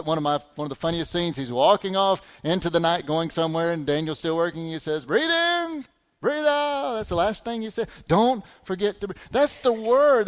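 A middle-aged man preaching a sermon, animated, full of rhetorical questions and repeated words. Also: a little high. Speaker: pastor.

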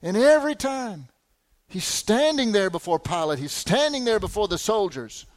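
A middle-aged man preaching a sermon, animated, full of rhetorical questions and repeated words. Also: high-pitched, moderate pace. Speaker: pastor.

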